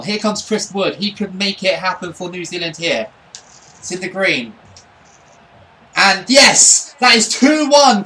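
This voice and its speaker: Bright-voiced excitable man calling football. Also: sits high. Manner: excitable play-by-play, swings from muttering to shouts. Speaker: gaming channel host. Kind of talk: live commentary over own football video game.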